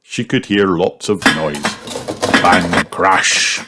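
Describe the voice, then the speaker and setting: A man reading a children's storybook aloud with an expressive storytelling lilt. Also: low voice, slow, very noisy. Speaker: narrator.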